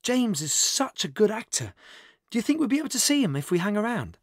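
A man doing an excitable, gushing young man. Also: high-pitched, fairly quick, dry recording, clean studio sound, voice pushed up, full character voice. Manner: enthusiastic, gushing. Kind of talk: audiobook character voice.

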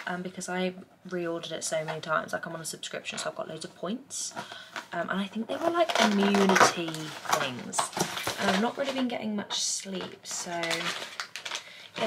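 Heavy background noise surrounds this young English woman as she vlogs indoors at home. Her fairly low, gravelly voice carries a tired, overwhelmed mood, and she rambles through run-on lists full of "like" fillers in a casual, chatty way.

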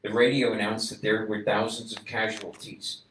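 Rabbi preaching in an echoey room. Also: male voice, lowish voice, level tone, moderate pace, slight background noise. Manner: acts out quoted voices, builds to loud emphatic climax. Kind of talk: sermon storytelling. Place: synagogue. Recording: echoey room, voice a bit distant from mic.

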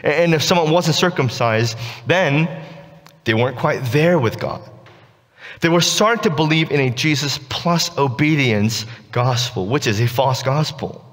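A man preaches in a loose, conversational way and keeps checking in with his listeners. His voice sits at an ordinary middle pitch. It rings with the long reverb of a church hall. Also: animated, a little slow, fairly bright tone. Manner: casual, keeps asking "right?". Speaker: pastor. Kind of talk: conversational sermon. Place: church sanctuary.

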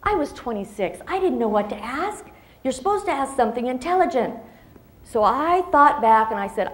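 A woman's voice: sits high, sing-song, normal speed, reverberant. A woman in her fifties giving a motivational speech to an audience, telling a personal story expressively and acting out the dialogue. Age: 50s. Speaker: motivational speaker.

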